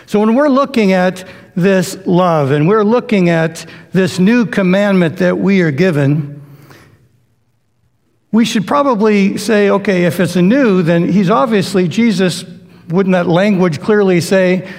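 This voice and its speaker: Brief: male preacher, high voice, conversational sermon delivery, long hall reverb. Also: animated, unhurried, a little mellow.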